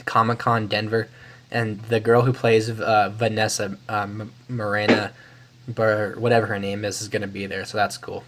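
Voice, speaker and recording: A man's voice: on the low side, flat delivery, normal speed, a bit bright, slight background noise. A man hosting a casual chat show, easygoing and joking. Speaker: show host.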